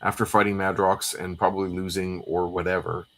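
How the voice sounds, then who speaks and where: A man's voice: low voice, flat delivery, fairly quick, a crowd in the background. A man co-hosting a casual comic read-through livestream, recapping the plot in a rambling way with many fillers. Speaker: co-host.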